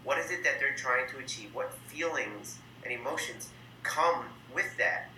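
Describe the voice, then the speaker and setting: A man with a very bright, forward voice, talking through a training lesson as its host. He coaches in an upbeat way and plays out little sample conversations. The room is echoey, with a faint hum of ambience behind him. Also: mid-range voice, moderate pace. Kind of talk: instructional talk to camera.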